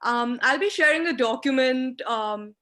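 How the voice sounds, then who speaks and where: Over a video call, a young woman teaches moot court skills as a guest speaker in an online lecture. Her voice sits high and is a little slow, pushed and bright, and she's emphatic and instructive, gesturing with her hands.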